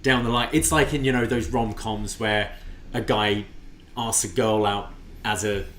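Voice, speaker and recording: A man's voice: on the low side, fairly even intonation, unhurried, a bit bright, a little hiss or hum. A man co-hosting a casual wrestling review podcast, talking with enthusiasm and often restarting his sentences. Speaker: podcast co-host.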